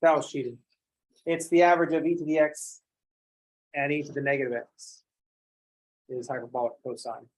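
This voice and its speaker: A man teaching a calculus class who lectures in an animated, playfully ranting way. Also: fairly high pitch, moderate pace, long pauses. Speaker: calculus instructor.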